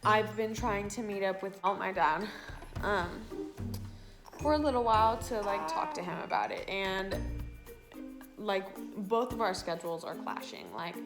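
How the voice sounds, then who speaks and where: A woman's voice: mid-range voice, unhurried, music in the background. Chatty teen girl telling a storytime. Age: late teens. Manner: chatty and filler-heavy, retells scenes in quoted asides. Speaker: vlogger. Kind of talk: casual storytime.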